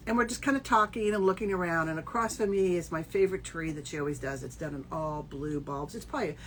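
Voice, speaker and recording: A middle-aged woman co-hosting a podcast, telling an animated story in casual chat, acting out quotes and laughing often. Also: deep voice, quick pace, slight background noise. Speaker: podcast co-host.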